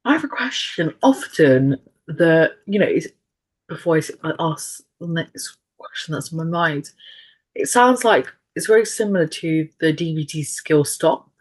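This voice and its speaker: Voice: medium pitch, expressive, breathy edge. A podcast host asking questions in an interview, searching for words with restarts. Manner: halting, searching phrasing while asking.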